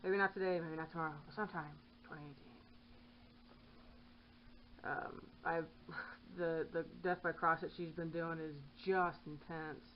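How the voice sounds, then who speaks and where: A woman's voice: deep voice, steady tone, measured pace, long pauses. A woman chatting casually while she stitches at home, rambling and breaking off now and then to scold her kitten. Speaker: cross-stitch vlogger. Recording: dull lo-fi sound with faint hiss.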